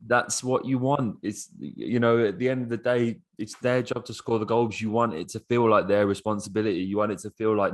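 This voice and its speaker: Excitable, very low-voiced male podcast host. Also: moderate pace. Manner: excitable, swears freely. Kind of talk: casual football podcast chat.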